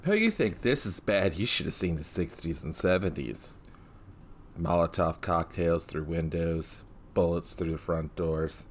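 A man's voice: deep voice, expressive, drawn-out words, pauses often, bright, forceful tone, slight background noise, voice pushed down, full character voice. A man voicing a chirpy, cheery man who is the hitman's lover.

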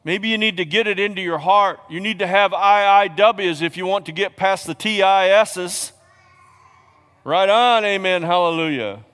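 A male pastor preaching a sermon in a church, swinging from hushed, quiet lines to loud, shouted exhortations. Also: high voice, moderate pace, clean tone. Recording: long reverb of a large hall.

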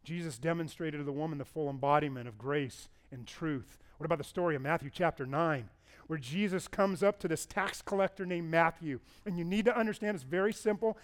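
A man preaches a sermon, telling the stories in an animated way and putting on voices for the people in them. His voice sits high and sounds smooth. He jumps between calm teaching and loud, excited retelling. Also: moderate pace. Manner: animated storytelling, acting out the people in the story with a raised voice. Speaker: pastor.

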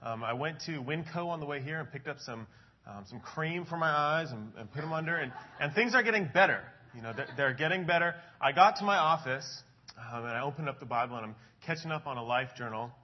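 Husky-voiced male pastor, dull recording. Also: mid-range voice. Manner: chatty storytelling, frequent um and uh. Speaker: adult ministries pastor. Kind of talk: casual sermon talk to a congregation.

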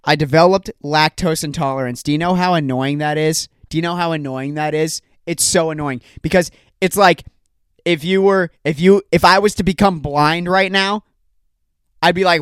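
A man's voice: a little high, normal speed, a bit bright, clean tone, no room sound. Ranting young man, dry close sound. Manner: exasperated, ranting, jokey asides. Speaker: podcast host. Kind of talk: solo comedic podcast rant. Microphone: home recording setup.

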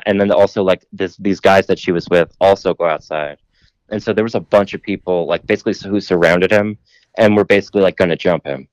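A man's voice: low-pitched, no room sound. A man telling a long rambling story in casual podcast chat, full of "like" and casual swearing.

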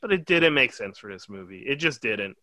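A man co-hosting a casual film review podcast, animated and rambling, swearing often. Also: medium pitch, fairly quick, no echo. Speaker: podcast co-host.

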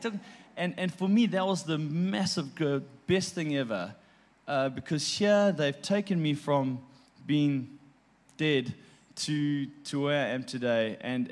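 Heartfelt halting man telling a story. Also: on the high side, lively intonation. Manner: heartfelt, halting, repeats words, laughs between stories. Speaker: guest. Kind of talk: personal storytelling.

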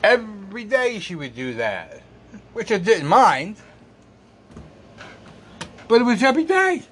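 A man's voice: high voice, very animated, unhurried, fairly bright tone, breathy edge. A man ranting about a long-distance relationship in a rambling, exasperated way, swearing and repeating himself, with a cough now and then. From United States. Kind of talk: casual storytelling rant.

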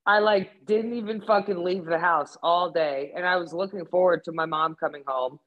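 Swearing, animated young woman chatting. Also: lowish voice, moderate pace, muffled recording. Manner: animated, swears often, storytelling. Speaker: podcast co-host. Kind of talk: casual chat.

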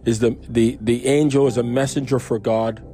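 A man's voice: mid-range voice, steady tone, normal speed, dark tone. A man reading a Bible passage aloud and breaking off into chatty, musing asides with restarts. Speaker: Bible reader and commentator. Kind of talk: casual Bible reading with commentary.

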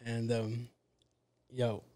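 A man with a warm, mellow voice hosts a casual podcast, wandering off-topic with a loose, profane ramble. He keeps stopping and restarting his thoughts, and the recording is dry and close with no room sound. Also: medium pitch, monotone, drawn-out words, no echo. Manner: rambling, profane, self-interrupting. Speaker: podcast host. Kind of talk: casual monologue.

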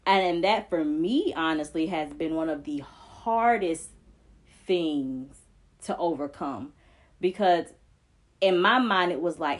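A woman's voice: low-pitched, takes it slowly. A woman co-hosting a faith podcast, speaking earnestly and emphatically, with repeated phrases that build like preaching. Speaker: podcast co-host.

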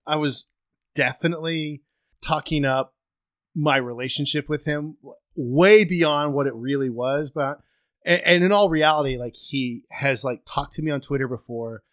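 A man's voice: a little high, moderate pace, a bit bright. Rambling self-deprecating man podcasting. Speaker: podcast co-host. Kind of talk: casual chat. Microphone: home microphone, remote call.

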